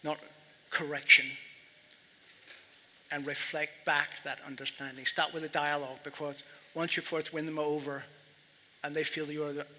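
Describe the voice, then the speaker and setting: Halting man moderating in a reverberant hall. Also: on the high side, flat delivery, pushed and bright. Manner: halting, reflective, repeats words. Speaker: panel moderator. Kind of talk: panel discussion. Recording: reverberant hall, faint background noise.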